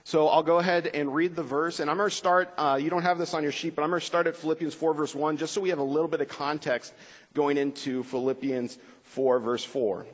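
Man, slightly high voice, easygoing Bible teacher, filler words, long gym reverb. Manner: relaxed, frequent uh fillers, slows for scripture reading. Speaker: pastor teaching Bible class. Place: school gym with bleachers.

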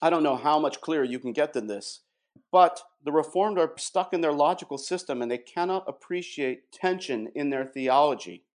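A man giving a measured, emphatic theological explanation and reading passages aloud. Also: on the high side. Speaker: guest presenting doctrine. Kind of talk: explanatory theological talk with read quotations.

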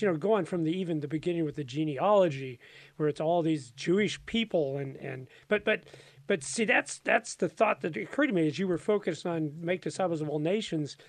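A man, a pastor, talking through a Bible passage in casual conversation, emphatic and quick to laugh. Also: fairly high pitch, dry recording. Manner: animated, laughs often, emphatic storytelling.

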